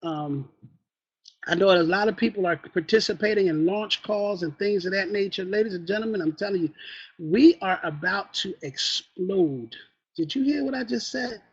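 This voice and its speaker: A man's voice: high voice, a bit bright, slightly rough. A man giving a motivational training talk as team trainer, preaching and asking the listeners questions. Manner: preachy, calls for "amen" and asks the listeners questions. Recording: dull lo-fi recording.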